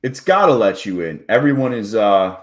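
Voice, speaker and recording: A man's voice: on the low side, big pitch swings, moderate pace. A man hosting a live trading stream, talking in loose, profane, joking banter with his chat. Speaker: livestream trading host.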